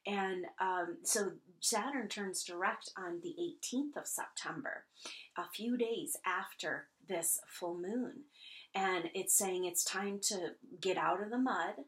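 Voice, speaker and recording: A woman's voice: medium pitch, slow, fairly bright tone, low-quality recording. A woman giving an astrology forecast, speaking earnestly and unhurriedly, with some fillers and restarts.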